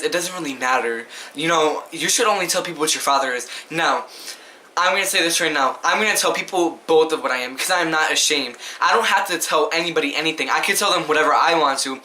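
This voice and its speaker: A man's voice: a little high, sharp tone, a little hiss or hum. A young man vlogging to camera, answering questions in a casual, emphatic and indignant way, often asking the viewer rhetorically.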